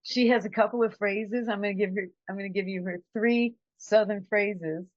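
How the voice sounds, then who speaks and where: A woman's voice: mid-range voice, fairly even intonation, normal speed, no room sound, dull audio. A woman giving a conversational, reflective motivational talk as a trainer. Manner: conversational, reflective, acts out quotes.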